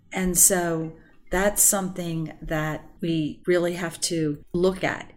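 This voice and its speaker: A middle-aged woman with a fairly low voice, speaking as a counselor to parents. She talks in an earnest, emphatic way and often acts out what people say. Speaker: family counselor. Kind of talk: explanatory talk to parents.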